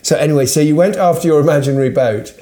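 A man's voice: on the high side, rapid-fire, mellow. A man in casual chat, teasing his friend with questions and laughing often. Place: outdoors by a harbour.

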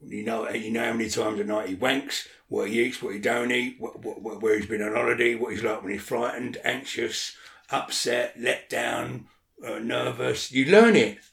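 A man's voice: medium pitch, fairly even intonation, normal speed, gravelly, a bit bright, reverberant. A man talking as an interview guest in casual chat, blunt and swearing a lot, often checking that the listener follows.

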